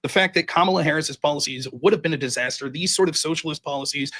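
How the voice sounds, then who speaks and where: A man presses his case in an online debate, assertive and sure of his points. He talks quickly in a voice pitched a bit high. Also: sharp tone. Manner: assertive, argumentative.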